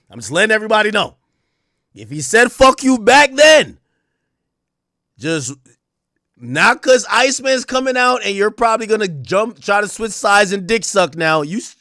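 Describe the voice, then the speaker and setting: A man's voice: sits high, animated, moderate pace, pushed and bright, no echo, clean studio sound. A man hosting a stream, giving heated, casual commentary in an emphatic, slangy way and laughing often. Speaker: streamer host.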